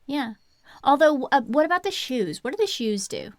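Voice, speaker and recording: A woman's voice: high-pitched, sing-song, no echo, studio quality. Easygoing woman podcast co-host. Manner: easygoing, quick affirming responses. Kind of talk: casual book chat.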